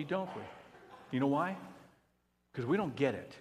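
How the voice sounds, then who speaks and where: A pastor delivers a sermon in a fairly high male voice, building to loud emphatic peaks before dropping to near hush. His words ring with long reverb around a large hall. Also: moderate pace, long pauses. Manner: animated preaching, swings from loud emphatic to hushed.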